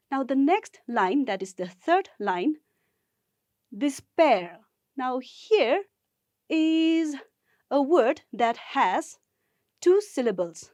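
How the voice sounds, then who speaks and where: A woman teacher from Nagaland, India, leading a gamified poetry lesson for school students in a slow, encouraging way. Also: on the high side, no room sound, studio quality. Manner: encouraging, speaks slowly and deliberately to learners.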